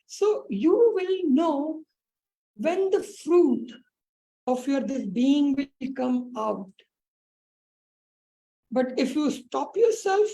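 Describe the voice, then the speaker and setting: A woman meditation teacher telling a spiritual teaching story on a support call, with many pauses, fillers and restarts. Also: high voice, creaky, warm tone, low-quality recording.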